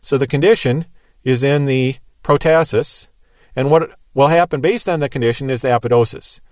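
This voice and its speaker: A man's voice: medium pitch, normal speed, a little mellow, dry recording. A man giving a Bible teaching lecture, explaining step by step in an emphatic, methodical way.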